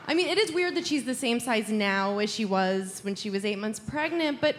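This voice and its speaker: A woman with a fairly high voice delivers brash, deadpan stand-up. Clear room noise runs under the live stage recording. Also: brisk, hardly any pauses. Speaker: stand-up comedian. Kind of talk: stand-up comedy.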